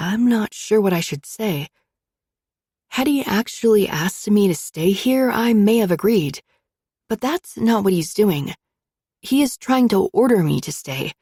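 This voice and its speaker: A woman's voice: on the low side, mellow, slightly rough, no echo, studio quality. A woman narrating a first-person romance audiobook in an intimate, emotional storytelling manner.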